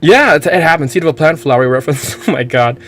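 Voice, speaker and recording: A man's voice: a little high, lively intonation, quick pace, fairly bright tone. A man from the Philippines with an American-sounding accent, giving casual, rambling let's-play commentary and swearing freely. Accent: American-sounding English. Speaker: streamer playing a game.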